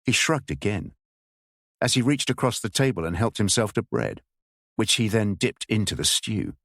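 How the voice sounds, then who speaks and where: A man narrating an audiobook in a measured, expressive storytelling style. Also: on the low side, dry recording, studio quality.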